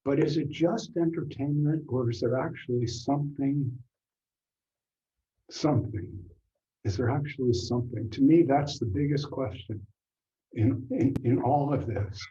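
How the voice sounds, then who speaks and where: A man's voice: medium pitch, a little slow, warm tone. An older man in frank, unguarded casual conversation, speaking plainly and sometimes swearing for emphasis. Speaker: guest. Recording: dull lo-fi sound.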